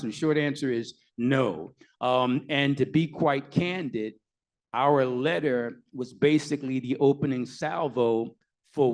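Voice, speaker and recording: A man's voice: fairly high pitch, darkish tone. A man on a live event panel, answering an audience question with emphatic, storytelling delivery and dry asides. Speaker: activist lawyer panelist.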